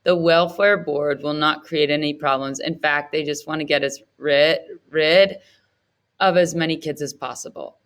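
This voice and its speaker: A woman's voice: low-pitched, fairly even intonation, moderate pace, fairly bright tone. Woman reader doing a scheming male orphanage keeper, wheedling and eager to please. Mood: fawning. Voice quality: ingratiating, wheedling.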